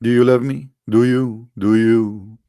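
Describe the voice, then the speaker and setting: A man hosting sarcastic religious commentary, mocking and repetitive, in halting non-native English. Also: medium pitch, fairly even intonation, mellow, no room sound, studio quality. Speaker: religious debate host.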